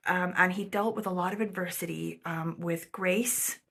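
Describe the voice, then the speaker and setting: A woman vlogger talks straight to camera, rambling through a story in loose, casual chat. Her voice is slightly low and husky, packed with "like" and "um." Now and then she sinks to a near whisper. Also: fairly even intonation, moderate pace, fairly bright tone. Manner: rambling, chatty, full of 'like' and 'um', slips into quoted voices; drops to a near whisper at times.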